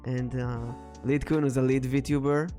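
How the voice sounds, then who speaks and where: A man chats casually about the game he runs, keen and playful in his delivery. His pitch sits in the middle range. Faint background music runs under the talk. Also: little pitch movement, a little slow. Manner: enthusiastic, playful. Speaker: streamer and game master. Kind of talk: casual chat.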